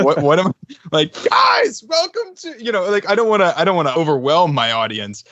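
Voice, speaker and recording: A man's voice: mid-range voice, a bit bright, no room sound. A man co-hosting a podcast who asks questions playfully, laughing and stammering as he talks. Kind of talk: interview questions.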